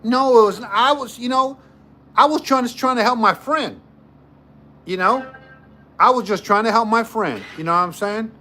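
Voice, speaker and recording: A man's voice: extremely high pitch, moderate pace, pauses often, sharp tone. A man hosting a livestream, telling a story to his chat in a casual, joking way and repeating himself often. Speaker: livestream host.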